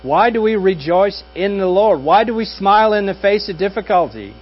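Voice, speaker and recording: A man's voice: high voice, expressive, moderate pace. A man preaching a sermon as pastor in a conversational, wry manner with dry jokes. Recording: dull audio with faint mains hum.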